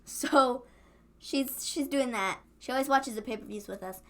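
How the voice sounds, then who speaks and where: A chatty woman co-hosting a livestream recap, her voice pitched high and ringing bright. She talks in loose, casual chat full of giggles and quick sarcastic asides. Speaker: co-host of a wrestling recap stream.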